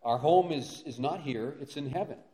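A man's voice: on the high side, moderate pace, warm tone. A male pastor preaching a sermon, earnest, with rhetorical questions and frequent fillers and restarts. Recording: roomy echo.

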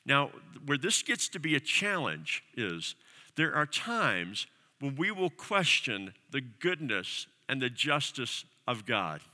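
A man's voice: mid-range voice, big pitch swings, slow, sharp tone, big-room sound. A male pastor preaching a sermon, earnest and emphatic, building his points through repeated phrases and pointed questions. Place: church sanctuary.

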